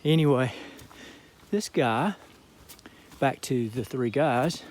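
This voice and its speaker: A man with a Southern Georgia accent telling a story outdoors as he hikes, in a relaxed, reflective vlog manner. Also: medium pitch, slow, a little hiss or hum. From southern Georgia, USA. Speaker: thru-hiker vlogger. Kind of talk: casual trail vlog talk. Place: outdoors on a hiking trail.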